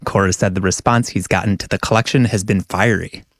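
A man with a low voice narrates a radio news feature in an even, measured way. The recording is dry and close. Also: no echo. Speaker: radio reporter. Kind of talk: news report.

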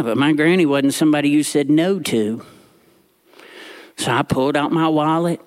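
A man telling a personal story to a live audience in an animated, expressive way. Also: on the high side.

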